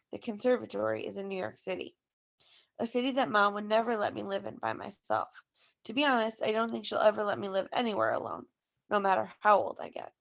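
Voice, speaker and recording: A woman teacher reading a first-person novel aloud to a class in a steady storytelling way. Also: mid-range voice, gravelly.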